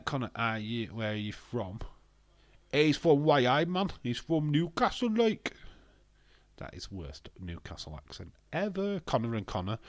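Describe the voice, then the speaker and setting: A man hosting a live stream, chatting casually and reading viewer comments in an excitable, swearing, laughing manner. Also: lowish voice, no echo.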